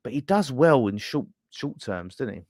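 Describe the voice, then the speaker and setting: A man's voice: medium pitch, sing-song, moderate pace, a little mellow, no echo, clean studio sound. A man hosting a casual fan live stream, ranting bluntly with swearing and laughter. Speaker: fan channel host.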